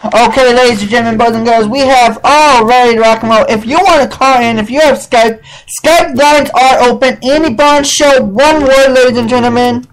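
A man from Wisconsin hosting a casual live internet radio show, excitable and stumbling over guests' names. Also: very high voice, moderate pace, hardly any pauses, poor audio. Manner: addresses audience as ladies and gentlemen.

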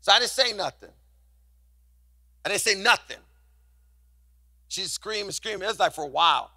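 A man's voice: high voice, expressive, normal speed, sharp tone. A middle-aged male pastor preaching a sermon with passion, calling on the congregation to repeat after him. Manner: passionate, call-and-response preaching.

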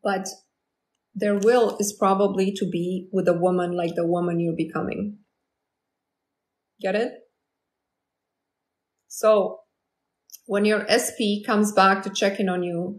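Chatty confident woman coaching on a live, some vocal fry, echoey room. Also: mid-range voice, a little slow. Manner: confident, chatty, acts out quoted lines. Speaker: manifestation coach hosting a live stream. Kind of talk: casual live-stream talk to viewers.

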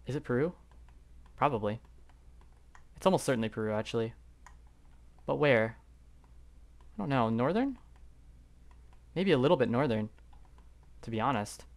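A young man talks through a geography guessing game at his desk mic, his voice sitting at an ordinary middle pitch. He rambles and second-guesses himself, trailing into fillers as he thinks aloud. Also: lively intonation, moderate pace, pauses often. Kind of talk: live gameplay commentary.

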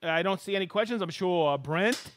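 A man hosting a live stream, chatting casually and excitedly calling out where his viewers are watching from, with whoops. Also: high voice, normal speed. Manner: excitable, whoops while reading out viewer locations. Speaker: live show host.

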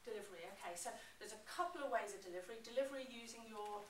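A woman giving an animated, expressive presentation on public speaking to a class. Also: a little high, racing, recorded from a distance, background noise. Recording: roomy echo, mic from afar.

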